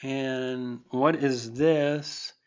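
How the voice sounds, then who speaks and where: A man coaching online marketing, hosting a live webinar and warmly answering viewers, thankful and stumbling over restarts. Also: medium pitch, steady tone, drawn-out words, clear, resonant tone, lo-fi sound.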